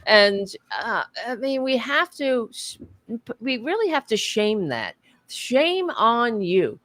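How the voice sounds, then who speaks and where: A fairly bright, slightly high female voice with big pitch swings, unhurried in pace. She's an American book club panelist on a podcast, heated and profane, restarting her thoughts many times.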